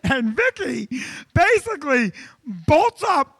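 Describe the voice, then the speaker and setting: Man, comic storyteller, loud, animated, very high voice, dry close sound. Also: takes it slowly, dry recording. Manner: animated, loud, acts out quotes. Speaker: comedian co-host.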